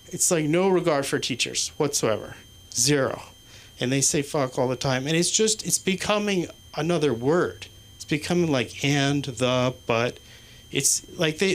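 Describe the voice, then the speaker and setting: A man doing stand-up in a small comedy club, rambling and halting, swearing constantly. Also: a little high. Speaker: stand-up comic. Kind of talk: stand-up set.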